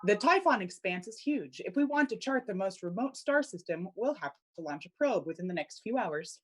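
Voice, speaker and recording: A woman voicing a steady, practical male ship's engineer in an amateur audio drama reading, with a matter-of-fact delivery. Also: medium pitch, fairly quick, husky.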